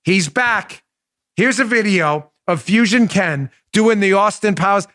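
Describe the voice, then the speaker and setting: A combative male host with a high, bright-edged voice, hammering each point with mocking emphasis. He sits close to the mic in a dry, dead room with no echo at all. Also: lively intonation, moderate pace. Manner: does a high silly impression voice in bursts. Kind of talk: political commentary show.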